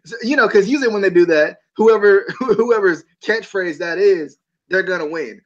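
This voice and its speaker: A man hosting a podcast in a casual chat, animated and given to incredulous outbursts. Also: sits high, moderate pace. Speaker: podcast host. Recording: dull lo-fi mic.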